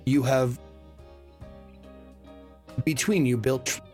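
A man in an in-character tabletop role-play, speaking in a polite, formal way. His pitch sits in the middle range, and faint music plays in the background. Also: fairly even intonation, slow pace, darkish tone. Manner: polite and formal, calling others sir. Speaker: tabletop player.

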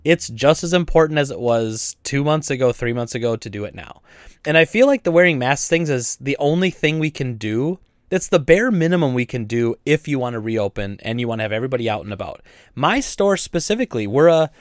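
A man co-hosting a podcast, ranting in a casual, animated and exasperated way about store customers. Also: medium pitch, a little fast, no echo, clean studio sound. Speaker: podcast co-host and store owner.

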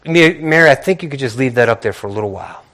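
A man preaching a sermon, reading scripture quietly and then building to emphatic, repeating rhetorical questions. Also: mid-range voice, animated, racing. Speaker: pastor.

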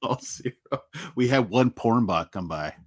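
A man co-hosting a casual chat, laughing and relaxed, swearing casually. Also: medium pitch, a little slow, breathy edge. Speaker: co-host.

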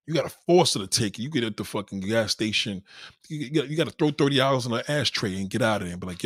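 Husky-voiced man ranting bluntly. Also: mid-range voice, lively intonation, rapid-fire, fairly bright tone, dry recording, clean studio sound. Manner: blunt, profane, emphatic; acts out quoted people in varied voices. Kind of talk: casual opinion rant.

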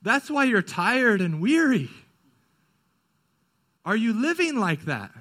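A young male pastor preaches with a high, ringing, bright voice. He speeds up and presses when urgent, then drops soft and slow to drive a point home. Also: sing-song. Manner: swings from urgent and quick to hushed and slow. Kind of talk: sermon.

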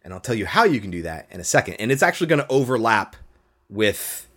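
A low-voiced man walks through a film plot on a casual podcast. He retells it with lively swings, dropping into jokey voices for the characters he quotes. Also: fast talker. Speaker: podcast host.

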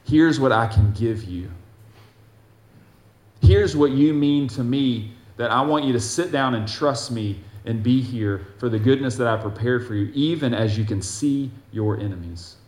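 A man preaching a sermon, reading scripture aloud with force and dropping to soft, gentle asides. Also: medium pitch, measured pace, echoey room.

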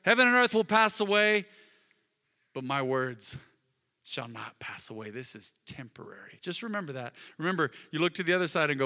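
Reverberant preacher, bright and emphatic. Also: male voice, a little high, sing-song, moderate pace. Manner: swings from loud emphatic bursts to soft intimate murmurs. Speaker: pastor. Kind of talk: sermon. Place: church sanctuary. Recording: long reverb of a large hall.

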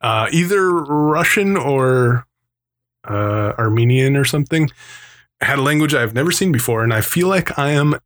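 A man's voice: mid-range voice, animated, moderate pace, fairly bright tone. Casual male co-host, mid voice, rambling storyteller. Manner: rambling, swearing, tangent-prone storytelling. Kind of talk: casual chat.

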